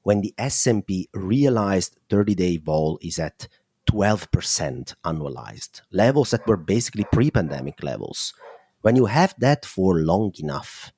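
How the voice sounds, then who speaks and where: A man's voice: low-pitched, big pitch swings, measured pace, dark tone, breathy edge, no echo. A man with an Italian accent, a guest analyst explaining markets in an interview, thinking aloud with fillers.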